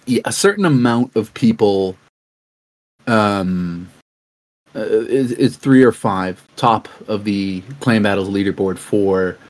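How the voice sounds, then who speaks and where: Man, podcast co-host, lowish voice, halting casual delivery. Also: darkish tone. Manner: halting, many restarts and fillers. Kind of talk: casual gaming podcast chat.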